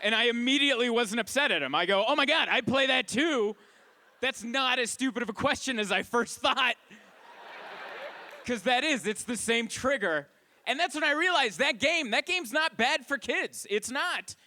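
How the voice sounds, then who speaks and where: Lively high-voiced stand-up man. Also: moderate pace, slight background noise. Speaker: stand-up comedian. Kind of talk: stand-up set.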